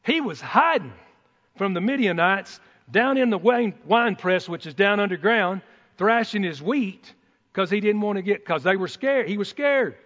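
A man preaching a sermon in a folksy, excitable way, breaking into whoops and joking asides. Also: sits high, moderate pace. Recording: dull sound in a reverberant hall.

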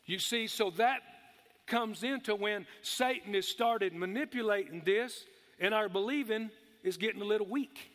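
Preaching in a church hall with long reverb, a man uses a high, ringing, somewhat bright voice. His manner is emphatic: he calls for amens and slows down to drawl his key words.

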